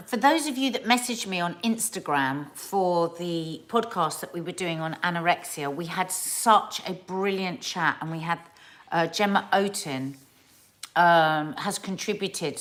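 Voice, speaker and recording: Woman, middle-aged, from england, live-stream host, rambling casual chat, slightly low voice. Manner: chatty, rambling, with restarts and asides.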